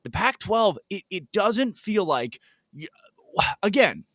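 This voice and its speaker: A man co-hosting a casual sports podcast, riffing with jokey, animated asides. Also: sits high, slow pace, dry recording, studio quality. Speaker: podcast co-host.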